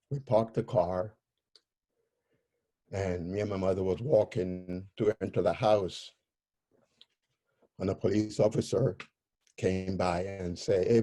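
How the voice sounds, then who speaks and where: Interview guest, male, mellow tone, halting and searching for words as he tells his story. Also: deep voice.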